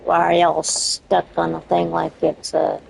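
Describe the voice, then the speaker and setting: A woman streaming a video game, swearing casually and talking to the characters, her voice cracking and squeaking. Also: unhurried, gravelly, a little hiss or hum. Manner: profane, excitable, talks to the game characters. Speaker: gaming streamer. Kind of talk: casual let's-play commentary.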